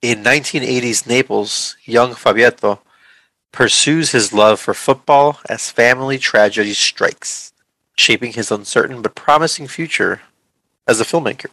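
A man's voice: mid-range voice, normal speed, bright, forceful tone, no echo, low-quality recording. A man co-hosting a movie podcast, talking in a casual, hesitant way with lots of fillers and restarts. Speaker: podcast co-host. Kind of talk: casual movie review chat.

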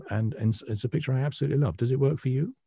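A British man co-hosting an art podcast, explaining paintings in a self-deprecating, hesitant way with many pauses. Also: medium pitch, creaky, mellow, slightly rough, no room sound, clean studio sound. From Britain. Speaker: podcast co-host, art historian. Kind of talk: casual chat.

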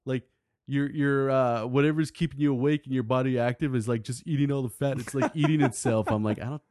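A man's voice: mid-range voice, fairly even intonation, brisk, a little mellow, no room sound, studio quality. A man co-hosting a casual podcast, telling profane stories and acting out quotes. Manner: profane storytelling, acts out quotes. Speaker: podcast co-host. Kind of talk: casual chat.

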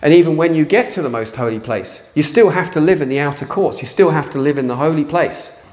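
A man preaching a sermon to a church congregation, passionate and earnest, sometimes rising to near shouting. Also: fairly high pitch, lively intonation, a little fast. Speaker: pastor. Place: church hall.

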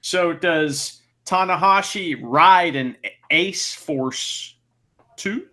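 A man's voice: fairly high pitch, extremely slow, sharp tone. A man co-hosting a podcast, chatting about wrestling in a jokey, laid-back way. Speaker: podcast co-host. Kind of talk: casual wrestling chat.

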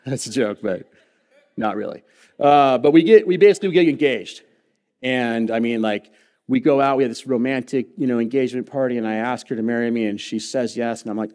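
A male pastor preaching to his congregation, weaving a personal story with light jokes and earnest appeals. His voice sits at an ordinary middle pitch, and he speaks from the stage of a church sanctuary. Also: brisk, darkish tone. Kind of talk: sermon.

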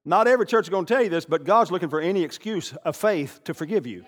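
An older man preaching a sermon, animated, swinging from loud bursts to hushed asides. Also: high-pitched, fast. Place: church sanctuary. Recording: long reverb of a large hall.

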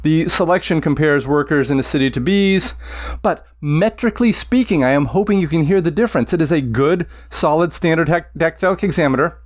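A man who teaches Latin, explaining poetic meter to listeners with enthusiasm, chanting the rhythms aloud in a deliberate way. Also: fairly high pitch.

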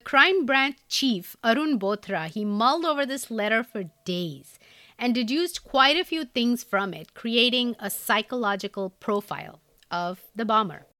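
A woman's voice: a little high, lively intonation, a little slow, pushed and bright, no room sound. A woman from India with an Indian English accent, hosting a podcast and telling a true crime story in a conversational way, with asides. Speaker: podcast host.

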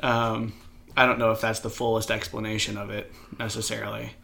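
A man with a gravelly, crackly edge to his voice and a bright, forward tone, talking in a relaxed, conversational way. He meanders and corrects himself mid-thought, like someone telling a story to a friend across the table. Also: on the low side, a little fast. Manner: rambling, self-correcting storyteller. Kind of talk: casual chat and joke telling.

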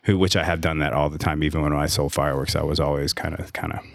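Very deep-voiced man telling a long story. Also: steady tone, quick pace, vocal fry. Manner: rambling, sarcastic, frequent restarts and fillers. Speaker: guest, gym owner and trainer. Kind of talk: casual interview storytelling.

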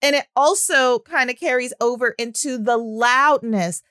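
Woman, high voice, speech-language pathologist, casual explanatory talk, animated and chatty, dry close sound. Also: a little slow, dry recording. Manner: chatty and animated, with frequent fillers. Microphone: audio-only recording.

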